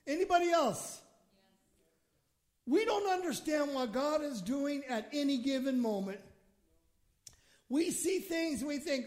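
A man preaching a sermon with a very high-pitched voice. He swings from quiet, drawn-out scripture reading to loud, fervent exclamations, and he acts out prayers as he goes. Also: lively intonation. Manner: impassioned preaching, swings from hushed to shouting; acts out quoted prayers in his own voice. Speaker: pastor.

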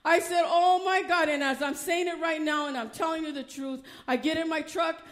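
A woman preaching a personal testimony, swinging from hushed storytelling to loud, emotional preaching. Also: high-pitched, steady tone, fairly quick. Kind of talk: testimony sermon.

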